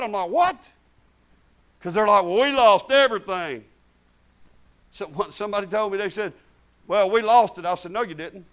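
A man's voice: high voice, fairly bright tone, smooth. A middle-aged man preaching a sermon in a folksy, emphatic way, repeating phrases for stress.

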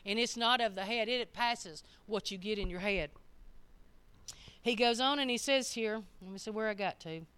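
Bright-voiced older woman preaching emphatically. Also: mid-range voice, clear, resonant tone. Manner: emphatic, reads scripture slowly and comments in plain folksy speech. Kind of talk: sermon.

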